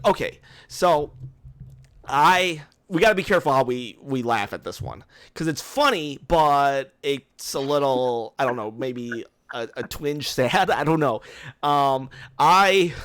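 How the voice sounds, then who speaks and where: Lively, laughing man telling stories on a podcast. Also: fairly high pitch, a little slow. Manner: lively storyteller who laughs often. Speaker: podcast host. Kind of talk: casual podcast chat. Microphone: podcast microphone.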